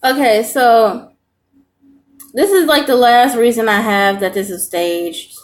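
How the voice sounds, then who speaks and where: Woman, young adult, reaction host, high voice, earnest, repeats for emphasis. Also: takes it slowly, heavy background noise. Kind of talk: casual commentary.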